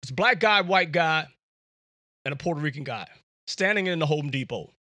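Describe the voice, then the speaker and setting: Bright, rambling male podcast host. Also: on the high side, lively intonation, normal speed, no room sound, studio quality. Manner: rambling, jokey storytelling with many fillers. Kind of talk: casual monologue. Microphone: USB podcast microphone.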